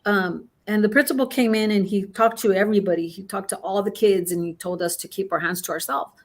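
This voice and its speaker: A woman's voice: medium pitch, fairly even intonation, brisk. A middle-aged woman guest in casual chat, telling a long story with many restarts and fillers. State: has the hiccups.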